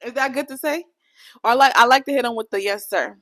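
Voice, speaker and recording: A woman's voice: high-pitched, fairly even intonation, quick pace, fairly bright tone. A young adult woman hosting her own podcast, chatting alone in a candid, playful, profane way that rambles from point to point. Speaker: podcast host. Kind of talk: casual solo podcast chat.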